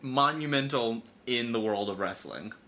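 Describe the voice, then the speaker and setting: A man's voice: mid-range voice, expressive, moderate pace, sharp tone. A man co-hosting a casual talk show, chatty and full of fillers, laughing easily. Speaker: podcast co-host. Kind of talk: casual chat.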